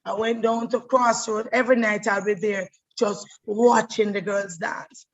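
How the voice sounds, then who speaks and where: A middle-aged actress, telling her life story in an animated way, often repeating words as she goes. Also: mid-range voice, measured pace, muffled recording. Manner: animated, repeats words, breaks into voices and laughter. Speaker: stage actress. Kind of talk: personal storytelling monologue.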